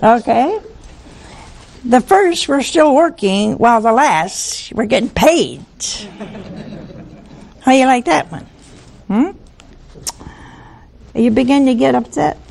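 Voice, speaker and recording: A woman's voice: a little high, expressive, slow pace, gravelly, pauses often, a little mellow, slight background noise. A woman preaching a televised sermon in a folksy, teasing way, full of rhetorical questions to her viewers.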